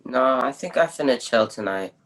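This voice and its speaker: A man's voice: medium pitch, expressive, normal speed, fairly bright tone, poor audio. A teenage boy playing a laid-back, stubborn teenage boy who talks in casual street slang, in an improvised stage scene. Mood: joking. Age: teens.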